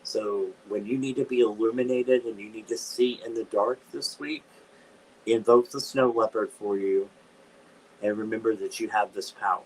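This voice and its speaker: A man's voice: fairly low pitch, fairly even intonation, normal speed, husky. A man hosting a live-stream tarot reading, chatty and given to dramatic squeals of disgust. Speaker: tarot reader, channel host.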